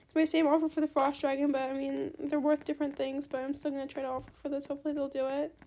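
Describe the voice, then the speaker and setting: High, gravelly-voiced woman gaming host. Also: fast. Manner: chatty, excitable, polite. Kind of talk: casual gameplay commentary.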